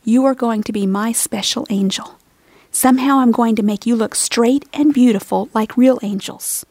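A woman voicing a kind, caring schoolteacher in a storybook reading, gentle and reassuring. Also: a little high, moderate pace, no echo.

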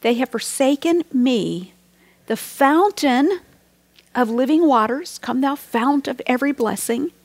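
Middle-aged woman Bible teacher, earnest devotional sermon, somewhat high voice with gravelly fry, close dry recording, dips into soft whispers. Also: animated, measured pace, no room sound. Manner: earnest, reflective, drops to near whispers.

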